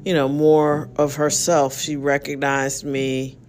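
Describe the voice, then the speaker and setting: A woman's voice: low voice, flat delivery, slow pace, a little mellow, a little hiss or hum. A middle-aged woman hosting a casual solo podcast, exhausted and rambling, with lots of fillers and yawns. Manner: rambling, tired, yawning, with many fillers. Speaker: podcast host.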